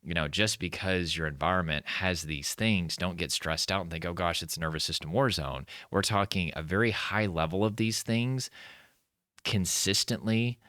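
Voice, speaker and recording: A man with an extremely low, deep voice talks to the camera as an anxiety coach, earnest and explanatory, checking in with his listeners and slowing down on the words that matter. The sound is dry and close, with almost no room around it. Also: bright, forceful tone, no room sound. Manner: earnest, explains with frequent "right?" and "okay?" check-ins. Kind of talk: direct-to-camera teaching talk.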